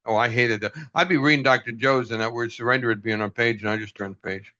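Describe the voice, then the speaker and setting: A man's voice: medium pitch, steady tone, fast, sharp tone, no room sound. A man leading a group call, talking earnestly, laughing often and acting out bits of dialogue. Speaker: group leader. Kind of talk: casual group talk. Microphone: video call. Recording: dull, dry video call audio.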